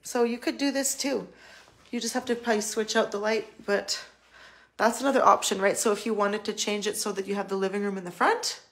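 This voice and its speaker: A woman's voice: medium pitch, steady tone, brisk. A Canadian woman, a real estate agent, walking through a house on a live video and talking in a chatty, upbeat way full of fillers and restarts. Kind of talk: live video home tour.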